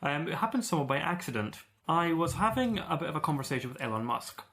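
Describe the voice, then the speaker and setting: A man playing a boastful gentleman adventurer, improvising a tall tale in a casual, rambling way. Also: a little high, very animated, fast talker, a little hiss or hum, exaggerated voice. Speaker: player.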